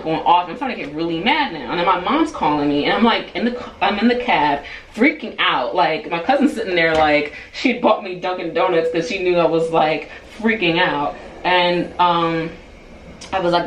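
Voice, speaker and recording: A woman telling a story on her vlog in a casual, animated way, full of "like" and "um" fillers. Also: normal speed. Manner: animated, rising to high-pitched outbursts when retelling anger; frequent "like" and "um" fillers. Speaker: vlogger. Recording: roomy echo, distant mic, faint background hiss.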